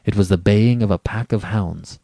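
A man narrating a story aloud in a measured, dramatic reading with varied delivery. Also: on the low side, vocal fry, dark tone, no echo.

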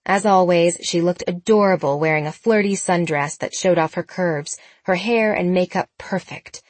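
A woman reading a story aloud as audiobook narrator, changing her pitch for the characters. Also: normal speed, a little mellow, dry recording. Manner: shifts pitch for different characters. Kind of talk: scripted narration with character voices.

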